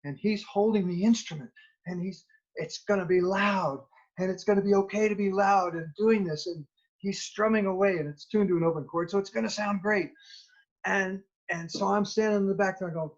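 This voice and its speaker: Animated storytelling man, lo-fi sound. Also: sits high, fairly quick. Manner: animated storyteller acting out dialogue. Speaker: children's musician. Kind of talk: storytelling anecdote. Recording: dull lo-fi recording.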